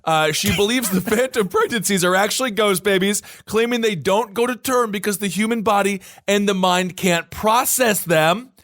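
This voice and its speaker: A man's voice: high voice, fairly bright tone, dry recording, studio quality. A man co-hosting a comedy podcast, reading out a story in casual chat with wry joking asides. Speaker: podcast co-host.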